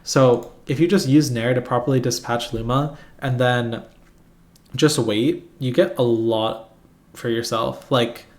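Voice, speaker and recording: A man's voice: medium pitch, steady tone, a little slow. Man, casual game breakdown, rambling, self-deprecating, laughs at himself. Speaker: competitive gamer explaining matchups. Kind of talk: casual explanatory commentary while drawing.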